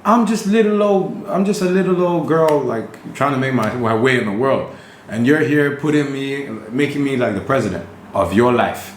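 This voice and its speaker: An exasperated young woman, incredulous and mocking as she scolds a man for fawning over her, put on in a high voice by a man. The room is roomy and echoey, with a faint hiss under the voice. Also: moderate pace, natural voice.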